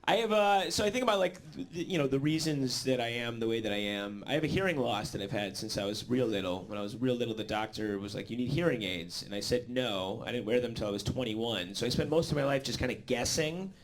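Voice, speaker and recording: A man's voice: mid-range voice, quick pace, few pauses. Rambling man doing stand-up. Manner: rambling, filler-heavy delivery with swearing. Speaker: stand-up comedian. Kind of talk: live stand-up set. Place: comedy club stage.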